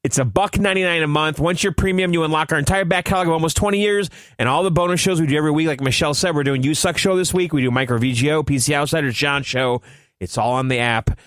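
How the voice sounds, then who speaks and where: A man's voice: quick pace, a bit bright, dry recording. Hammy salesman-style male podcast host. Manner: hammy salesman-like pitch delivery. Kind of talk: casual podcast chat.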